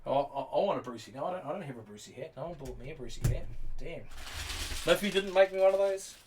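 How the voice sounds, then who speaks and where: A man's voice: fairly high pitch, lively intonation, fast. A middle-aged man with a New Zealand accent, hosting a casual livestream and chatting to viewers in a rambling, teasing way full of fillers. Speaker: livestream host. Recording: distant mic with faint noise.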